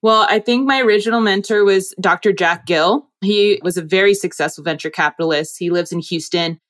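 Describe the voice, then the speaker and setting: A woman in her thirties, a guest investor, talking in a chatty, animated way in an interview. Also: medium pitch, brisk. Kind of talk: casual interview talk.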